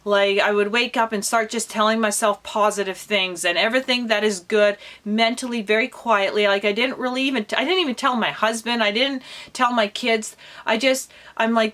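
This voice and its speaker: A woman's voice: fairly high pitch, steady tone, moderate pace, a bit bright. A woman around forty, talking candidly in a personal vlog with lots of casual fillers. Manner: chatty and candid, with many fillers such as "like" and "you know". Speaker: homesteading vlogger.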